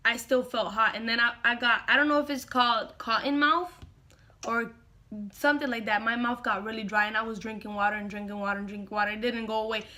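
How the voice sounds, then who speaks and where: A young woman vlogger telling a personal story in casual, animated speech, often saying "bro". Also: fairly high pitch.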